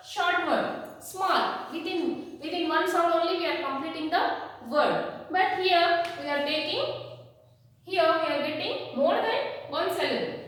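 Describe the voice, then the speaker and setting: A high-pitched woman teaches a grammar class at a slow, deliberate pace, repeating herself and putting questions to the children. Her voice comes from a distance in a very echoey room with a long reverb. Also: a bit bright. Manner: repeats points and quizzes the children. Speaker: school teacher. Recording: echoey hall, distant mic, faint noise.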